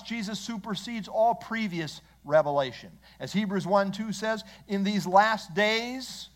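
High-voiced man preaching a sermon. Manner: measured, earnest preaching with deliberate emphasis. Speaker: pastor. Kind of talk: expository sermon.

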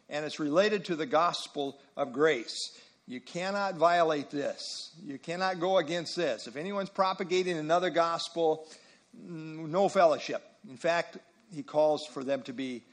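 A man teaching a Bible study group, emphatic and repeating phrases for stress. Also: on the high side.

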